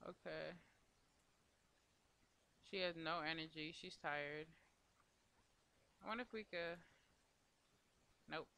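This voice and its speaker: A man hosts a casual let's play, chatting to the game characters and his viewers as he goes. His voice is very bright and sits a bit high. He speaks in a loose, conversational way throughout. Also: slow pace, gravelly, long pauses, clear, resonant tone. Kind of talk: casual gameplay commentary.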